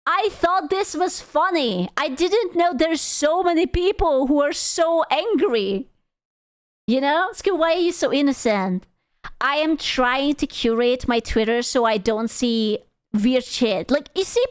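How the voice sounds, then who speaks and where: A woman's voice: high-pitched, big pitch swings, unhurried, no room sound. A young woman streamer giving casual, rambling reaction commentary, swearing freely and sounding exasperated. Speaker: VTuber streamer.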